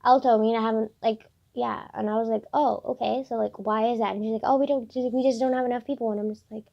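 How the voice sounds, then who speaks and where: A woman's voice: on the high side, steady tone, quick pace, creaky. A teenage girl vlogging casually, rambling with lots of "like" fillers and swearing as she vents about her day. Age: teens. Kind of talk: casual diary vlog. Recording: dull lo-fi recording.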